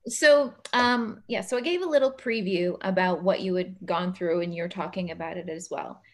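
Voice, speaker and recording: A woman hosting a casual interview over a video call, emotional and quick to laugh, calling herself a big softie. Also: on the low side. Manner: warm, emotional, laughs often. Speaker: podcast host.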